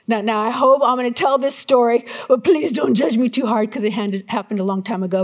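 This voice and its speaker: A middle-aged woman preaching a sermon to her church, telling a personal story with lively, acted-out moments. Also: a little high. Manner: animated storyteller, acts out her own panic in shouts. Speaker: pastor.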